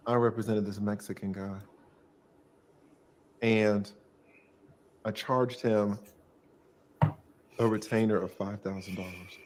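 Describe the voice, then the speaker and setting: A middle-aged man, a former lawyer, casually telling a profane, animated story from his law practice. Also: on the low side, a little hiss or hum.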